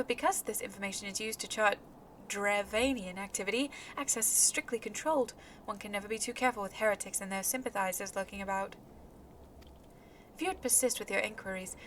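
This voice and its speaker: A woman's voice: medium pitch, fairly quick, a little hiss or hum, natural voice. A woman reading out a prim, suspicious astrologian in her own plain voice. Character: fussy, suspicious record-keeping astrologian.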